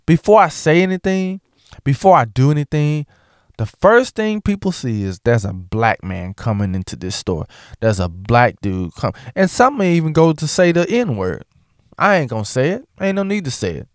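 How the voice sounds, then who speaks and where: A man's voice: a little high, normal speed, no room sound. Outspoken guy, jokey vlog rant, voice swinging up and down, dry close sound. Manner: animated, joking, outspoken. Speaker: vlogger. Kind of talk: casual monologue to camera.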